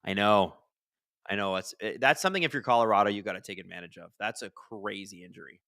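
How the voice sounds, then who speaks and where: A man hosts a casual live hockey watch-along, rambling through viewer questions in a bright, forceful voice. The sound is close and dry, with no room around it. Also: fairly low pitch, fast talker, no room sound. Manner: chatty, rambling, answers chat questions; bursts into excited shouts at big plays. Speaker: hockey livestream host.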